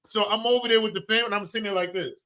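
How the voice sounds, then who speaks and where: A man in his thirties co-hosting a casual podcast, telling animated stories and acting out quotes. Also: high voice, racing. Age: 30s. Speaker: podcast co-host. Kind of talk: casual chat.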